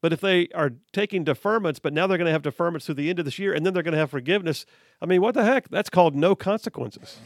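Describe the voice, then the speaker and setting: A man's voice: on the high side, quick pace, no echo. A man hosting a talk radio show, arguing emphatically with rhetorical questions and frequent restarts into a studio microphone. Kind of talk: opinionated talk radio monologue.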